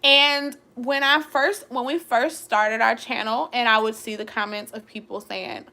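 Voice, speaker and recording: A young woman hosting a live vlog, talking loudly and expressively with frequent giggles. Her voice sits high and bright, and her pitch swoops widely. She chats with her viewers casually. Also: unhurried, few pauses. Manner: expressive and loud; giggly, laughs often. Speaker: vlog host.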